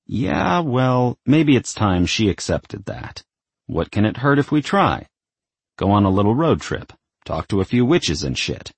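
A man's voice: on the low side, big pitch swings, unhurried, creaky, breathy edge, dry recording, pitched above the performer's own voice, exaggerated voice. A man voicing a blunt, sardonic young man who talks casually and swears. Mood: persuasive.

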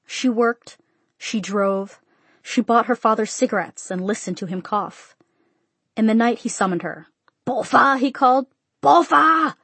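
Breathy woman reading an audiobook. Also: medium pitch, measured pace, no room sound. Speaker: narrator. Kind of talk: audiobook narration.

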